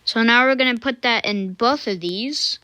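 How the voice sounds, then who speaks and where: A woman walking through a coding tutorial in a casual way, thinking aloud with fillers and self-corrections and muttering quiet asides to herself as she works at her computer. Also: fairly high pitch, normal speed, clean tone. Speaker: tutorial maker.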